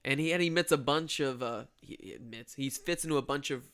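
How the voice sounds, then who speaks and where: A man's voice: mid-range voice, fast talker, a bit bright, clear, resonant tone. A man from Texas co-hosting a podcast in casual comedic chat, sarcastic and swearing freely. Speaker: podcast co-host.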